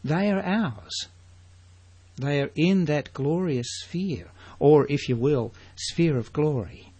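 A man's voice: on the high side, slow, warm tone, slightly rough. A man preaching a sermon, emphatic and full of rhetorical questions to his congregation.

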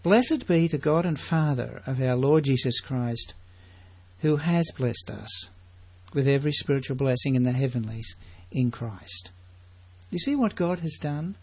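A man's voice: mid-range voice, animated, measured pace, a little mellow, breathy edge. A man preaching a sermon, emphatic and full of rhetorical questions to his congregation.

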